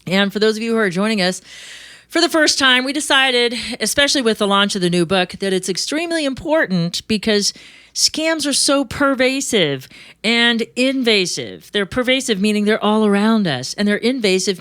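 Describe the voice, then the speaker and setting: A woman hosting a money talk show, chatting casually and joking with quick asides. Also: fairly high pitch, lively intonation, fairly bright tone, dry recording, studio quality. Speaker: show host. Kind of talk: casual radio-show chat.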